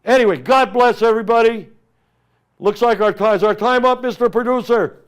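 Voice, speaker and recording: A man's voice: very high-pitched, a little fast, clear, resonant tone. A middle-aged Armenian American man, a congressional candidate hosting a talk show, giving an emphatic, impassioned political monologue and addressing opponents directly.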